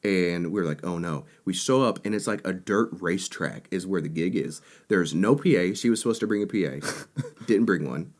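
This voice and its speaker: A young man with a fairly low voice tells a road story as a podcast co-host. He talks casually and gets animated as he acts out what people said. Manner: animated, quick to act out quotes.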